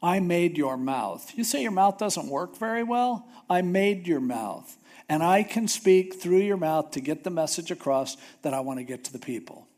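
Casting note: preacher doing a fed-up, sarcastic male God, higher voice. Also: moderate pace, hardly any pauses, a little mellow. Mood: impatient. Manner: sarcastic, scolding. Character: impatient, exasperated male God.

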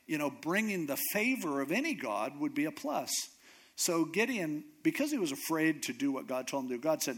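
A man's voice: fairly high pitch, a bit bright, breathy edge. Man retelling a story in a sermon. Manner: casual, conversational retelling with humor.

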